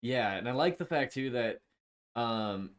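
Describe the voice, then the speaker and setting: A man's voice: medium pitch, animated, a little slow. Hesitant man chatting, full of fillers. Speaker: co-host. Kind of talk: casual movie discussion chat.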